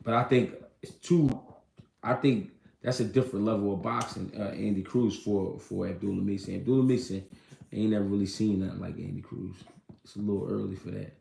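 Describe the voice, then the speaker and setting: A man's voice: lowish voice, steady tone, a little fast, vocal fry, warm tone, slight background noise. A man hosting a casual livestream, talking in a loose, slangy way and answering viewers' comments. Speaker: livestream host. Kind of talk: casual livestream chat about boxing. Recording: echoey room.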